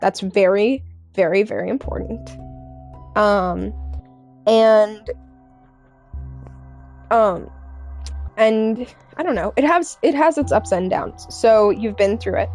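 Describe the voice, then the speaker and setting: A young adult woman streaming live and chatting with viewers in a candid, earnest way, halting often with fillers and restarts. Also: mid-range voice, a little mellow, faint music behind. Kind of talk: casual chat with stream viewers.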